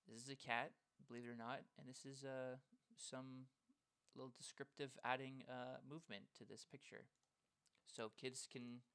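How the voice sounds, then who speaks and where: A man's voice: mid-range voice, a bit bright. A man presenting a phonics lesson plan in a casual, explanatory way, with frequent ums, over a screen recording.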